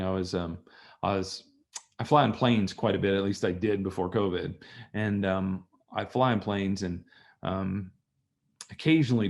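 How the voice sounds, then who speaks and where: A man teaching a live online workshop, talking to students in a lively storytelling way and acting out conversations. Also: low voice, creaky. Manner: animated storytelling, acts out dialogue. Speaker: trainer. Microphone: video call.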